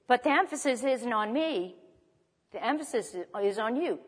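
A woman preaching a sermon, reading scripture aloud with dramatic pauses and then explaining it to the congregation. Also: on the high side, animated, husky, big-room sound.

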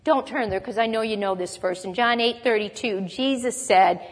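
A woman's voice: a little high, normal speed. A woman preaching a Bible lesson, earnestly explaining verses and reading scripture aloud. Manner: earnest teaching, reads scripture aloud, occasional light laugh. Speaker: Bible teacher. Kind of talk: sermon. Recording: long hall reverb.

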